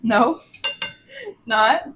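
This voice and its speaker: A woman's voice: on the high side, extremely slow, a bit bright, highs cut off. A woman chatting playfully and teasing while she cooks on a stream in her home kitchen. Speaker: cooking streamer. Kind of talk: casual cooking stream chat.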